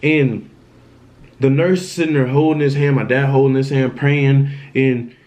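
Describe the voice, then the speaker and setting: A young man vlogging, retelling a frightening personal story in an animated, emphatic way with lots of slang. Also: mid-range voice, measured pace. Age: young adult. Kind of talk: storytime vlog.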